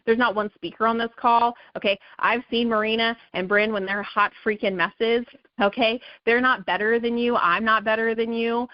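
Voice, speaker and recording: This woman's voice sits a little high, with fairly even intonation and a moderate pace, as she runs a sales team call. Her motivational talk is emphatic and repetitive, leaning hard on "okay" and "right," and the recording is muffled with no room sound.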